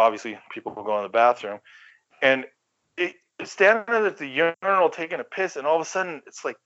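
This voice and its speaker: A middle-aged man from the Bay Area, a guest telling stories casually, animated, swearing freely and acting out quoted voices. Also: mid-range voice. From San Francisco Bay Area. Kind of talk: casual storytelling. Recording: slightly dull lo-fi recording.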